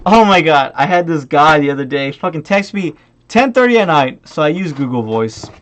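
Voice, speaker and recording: Man, non-native english, buzzed rant, heavy swearing, mocking and angry. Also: moderate pace. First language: not English. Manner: animated, pitch jumping up and down. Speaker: vlogger. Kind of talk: buzzed profanity-laden rant.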